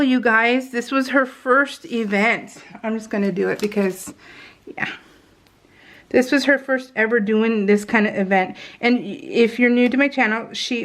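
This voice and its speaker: A middle-aged woman chatting casually in a voice-over about her family, self-deprecating and laughing often. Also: medium pitch. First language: English. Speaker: scrapbooking vlogger. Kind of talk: casual voice-over while crafting.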